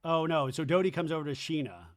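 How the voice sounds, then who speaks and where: Animated man recapping a reality show. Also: fairly high pitch. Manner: animated, acts out cast members' lines in quick put-on voices. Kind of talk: solo podcast recap.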